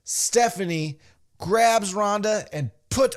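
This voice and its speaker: A man's voice: high voice, slow pace. A man hosting a podcast, recapping a wrestling show in a casual, profane way and acting out the quotes. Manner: animated, acts out quotes in put-on voices, swears freely.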